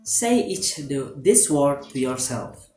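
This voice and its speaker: A man giving a student's lesson presentation, reading steadily from a script with some halting restarts. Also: mid-range voice, very animated, a little mellow. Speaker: student presenting a class assignment. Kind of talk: read-aloud lesson presentation. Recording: roomy echo with faint music behind.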